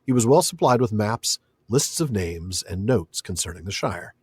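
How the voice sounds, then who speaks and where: A man's voice: fairly low pitch, husky, no room sound. A man co-hosting a podcast in a casual book discussion, reading passages aloud and laughing easily. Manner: animated, reads passages aloud, quick to laugh. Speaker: podcast co-host.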